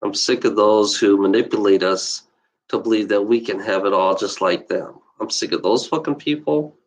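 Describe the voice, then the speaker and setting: A man's voice: on the low side, moderate pace, low-quality recording. A man ranting off the cuff on a livestream, repeating himself, swearing often and tagging lines with "you know". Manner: profane, repetitive, heated, constant "you know". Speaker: livestreaming video blogger. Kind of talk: unscripted rant to camera.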